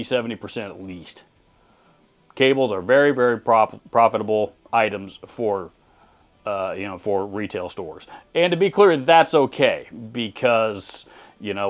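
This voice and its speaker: A man from Texas talks through viewer comments in loose, casual commentary. He is blunt and sarcastic, often circling back and restarting his sentences. His voice sits at an ordinary, mid-range male pitch. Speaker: channel host reading viewer comments.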